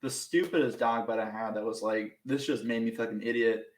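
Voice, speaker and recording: A young man, a podcast guest, telling casual stories in an animated, self-mocking way and laughing through them. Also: medium pitch, fairly quick, reverberant, low-quality recording. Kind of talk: casual storytelling.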